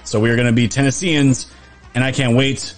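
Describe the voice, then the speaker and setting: A man's voice: medium pitch, steady tone, brisk, faint music behind. A man, chatting casually on a live stream, reading viewer comments, laughing often and restarting his sentences. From New York.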